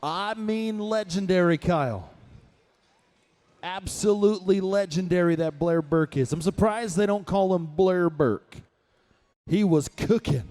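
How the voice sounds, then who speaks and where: A man announcing a rodeo live, his voice high and bright in pitch. He fires off punchy, hyped calls, sounding close and dry with no room echo. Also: a little slow.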